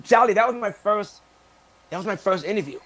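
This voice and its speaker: A man from Cape Cod, a guest chatting casually in an interview, telling animated stories and laughing often. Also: sits high, brisk. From Cape Cod, Massachusetts.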